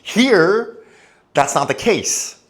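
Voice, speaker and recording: A man's voice: high-pitched, expressive, extremely slow. A young man talking casually into the camera, giving friendly advice in a loose, conversational way and acting out bits of dialogue. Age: young adult. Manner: chatty, loose and conversational, acts out little dialogues. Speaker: expat vlogger.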